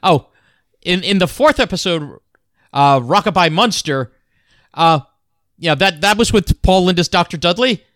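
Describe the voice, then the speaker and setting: A man's voice: high-pitched, animated, unhurried, pauses often, fairly bright tone, no room sound, studio quality. A man co-hosting a podcast in casual chat, hesitant with fillers and full of trivia. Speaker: podcast co-host. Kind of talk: casual chat about old sitcoms.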